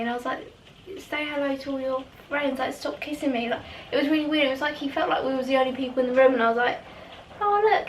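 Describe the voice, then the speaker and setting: Chatty high-voiced woman, echoey room. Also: far from the mic, a little hiss or hum. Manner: chatty, meandering, laughs mid-sentence. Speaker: vlogger. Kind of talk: casual rambling storytelling.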